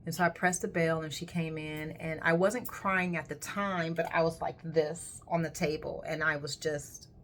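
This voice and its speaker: A woman's voice: low voice, fairly even intonation, normal speed, hardly any pauses, fairly bright tone, a little hiss or hum. A woman who works as a colon hydrotherapist, telling a personal story in a candid, emphatic way and swearing casually.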